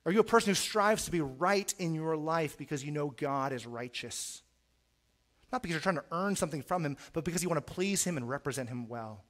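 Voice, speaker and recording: Man, middle-aged, preacher, sermon, earnest, slightly high voice, repeats words, loud and soft swings. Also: animated, a little fast. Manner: earnest, preaching with sudden loud rises and quiet drops; repeats words at the start of phrases.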